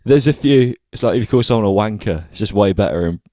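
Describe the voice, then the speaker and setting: A man's voice: on the low side, expressive, quick pace, darkish tone, no echo, clean studio sound. A British man hosting a podcast interview, asking questions in a hesitant way with many ums and restarts. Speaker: podcast host.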